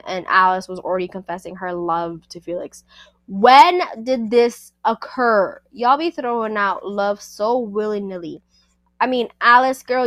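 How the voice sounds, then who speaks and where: A woman hosting a book review podcast in a sassy, animated, casual way, talking back to the characters. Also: a little high, dry recording.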